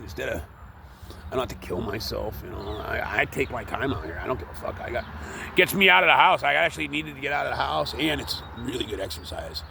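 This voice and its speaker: Gravelly, profane man rambling outdoors. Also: mid-range voice, bright, forceful tone, a little hiss or hum. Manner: rambling, profane, with many fillers. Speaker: tree worker vlogging. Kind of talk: casual rambling monologue. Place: outdoors, up in a tree.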